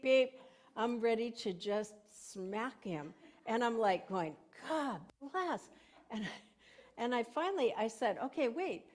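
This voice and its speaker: A woman's voice: lowish voice, darkish tone. An older woman minister giving a conversational sermon in a church sanctuary, telling stories and laughing often.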